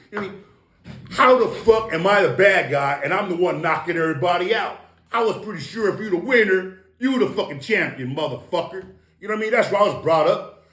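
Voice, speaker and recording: This high-voiced, fast-talking middle-aged man is a Samoan American guest in a casual interview. In a reverberant setting, he brags and swears his way through lively stories.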